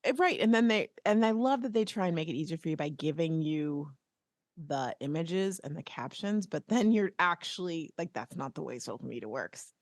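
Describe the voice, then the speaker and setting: A woman's voice: deep voice, lively intonation, normal speed, no room sound, clean studio sound. A woman co-hosting a podcast in casual chat, playful and talkative. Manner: chatty, playful, slips into quoted voices. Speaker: podcast co-host.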